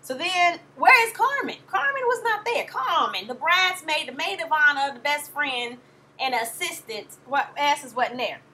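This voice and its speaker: Sassy high-voiced woman vlogger. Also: expressive, moderate pace, sharp tone, slight background noise. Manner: sassy, blunt, slangy and profane. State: tired. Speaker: reality TV reviewer. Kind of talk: casual vlog commentary.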